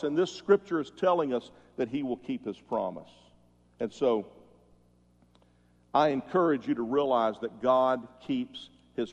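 A pastor preaching a sermon, telling stories that swell loud and then drop soft. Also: male voice, medium pitch. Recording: muffled sound with long hall reverb.

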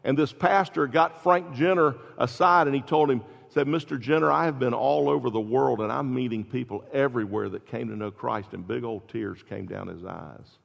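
A man preaching a sermon as pastor, telling stories with rising intensity and quiet drops. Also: mid-range voice, moderate pace, gravelly, few pauses. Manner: animated storytelling, builds to loud peaks then drops soft. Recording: dull lo-fi recording in a large reverberant hall.

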